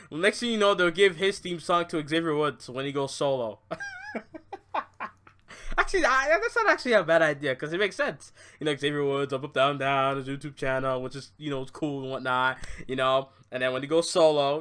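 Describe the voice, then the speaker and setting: A young man rants on his podcast about wrestling fans, cursing and exasperated. His pitch leaps up and down as he talks. The tone is bright and edgy. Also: clean tone. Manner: profane, exasperated ranting. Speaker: podcast host. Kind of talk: casual wrestling rant.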